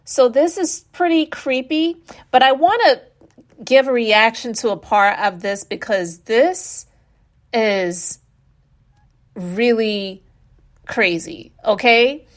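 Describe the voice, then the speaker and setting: Opinionated woman commentator. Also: a little high. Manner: opinionated, conversational, sometimes quick. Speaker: commentary channel host. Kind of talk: reaction commentary.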